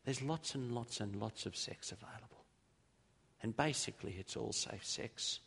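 Gravelly Australian preacher in a reverberant hall. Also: male voice, mid-range voice, fairly bright tone. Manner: storytelling, emphatic repetition, slows down for key points. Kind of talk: sermon. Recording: long reverb of a large hall.

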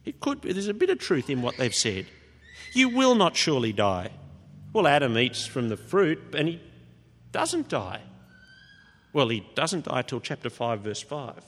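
Preacher in a reverberant hall. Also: male voice, big pitch swings, moderate pace. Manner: expository, shifts loudness and pitch for emphasis. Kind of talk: sermon.

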